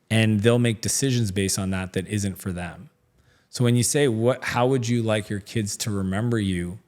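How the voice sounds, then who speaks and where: A middle-aged man speaking as a guest in a casual interview, telling stories in a chatty way with lots of fillers and acted-out dialogue. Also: medium pitch. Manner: chatty storytelling, many fillers, acts out quoted dialogue.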